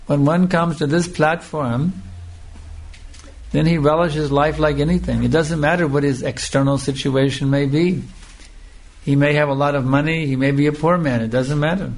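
A man giving a scripture lecture as a spiritual teacher, speaking slowly and emphatically and repeating phrases for emphasis. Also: fairly high pitch, fairly even intonation, slight background noise.

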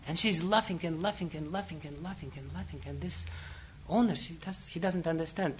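A man's voice: fairly high pitch, a little fast, a little hiss or hum. A man giving a spiritual talk, telling a story and chuckling often, with many "you know"s. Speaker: spiritual teacher. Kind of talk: storytelling lecture.

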